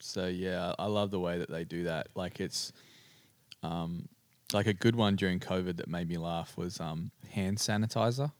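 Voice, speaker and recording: A man with an Australian accent, chatting casually as a podcast co-host, relaxed with plenty of fillers and restarts. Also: sits low, normal speed, dry recording. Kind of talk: casual chat.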